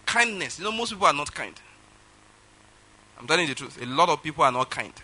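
Nigerian pastor man preaching, very bright ringing voice, bit high, goes loud then quiet telling his story. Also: fast. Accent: Nigerian English. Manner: animated storytelling, shifts between loud and soft. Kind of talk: sermon.

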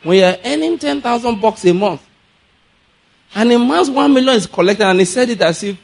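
A man with a Nigerian accent preaching a sermon, telling animated stories, laughing often and acting out the people he quotes. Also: very high voice, moderate pace. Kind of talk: sermon with storytelling.

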